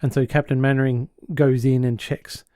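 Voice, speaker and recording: A man hosting a podcast, retelling a sitcom episode in an animated way and chuckling often. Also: mid-range voice, normal speed, no echo, clean studio sound. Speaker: podcast host.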